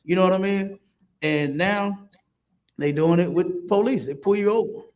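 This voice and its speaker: Animated high-voiced man telling stories. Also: normal speed. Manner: animated storytelling with street slang. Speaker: podcast co-host. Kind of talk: casual chat.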